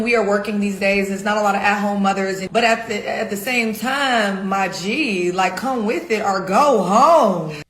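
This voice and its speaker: A woman's voice: medium pitch, a bit bright, reverberant, rough recording. A woman venting in a social media clip, exasperated and asking rhetorical questions. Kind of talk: venting to camera.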